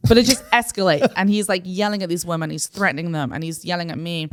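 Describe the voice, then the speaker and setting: A woman's voice: fairly low pitch, steady tone, fast. A young woman from New City, co-hosting a podcast and animatedly telling a story, acting out the voices of the people in it. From New York City. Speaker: podcast co-host. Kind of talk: casual storytelling chat.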